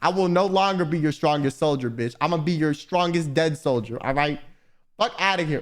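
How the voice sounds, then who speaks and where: A man's voice: fairly high pitch, a little fast. A young man streaming, reading viewer confessions aloud and reacting with profane, exasperated commentary. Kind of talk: casual livestream commentary.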